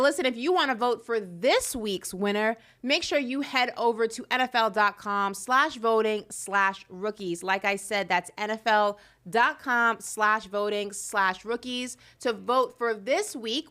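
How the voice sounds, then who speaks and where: Lively woman hosting a sports show. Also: a little high, measured pace, few pauses. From New York. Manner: lively, assertive, steers the conversation. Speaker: host. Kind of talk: casual sports talk and scripted segments.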